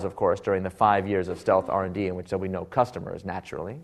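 A man's voice: low voice, fairly even intonation, a little fast. A man speaking at a talk, telling a wry story and acting out the people he quotes. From Silicon Valley, US.

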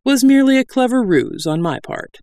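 A man's voice: mid-range voice, expressive, normal speed, dry recording, studio quality, lightly acted. A man voicing a cocky, haughty male bandit king in a storybook reading, lofty and breezy. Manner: lofty and amiable.

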